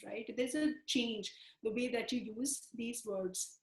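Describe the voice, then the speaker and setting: A woman teaching a self-help exercise, repeating phrases slowly to guide the listener. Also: a little high, fairly even intonation, roomy sound, rough recording. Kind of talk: instructional self-help talk.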